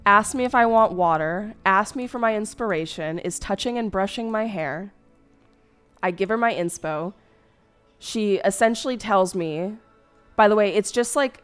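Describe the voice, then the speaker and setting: A woman's voice: mid-range voice, normal speed, clear, resonant tone, faint music behind. A young woman streamer chatting casually, telling a hurt story in a rambling way, with many fillers and restarts.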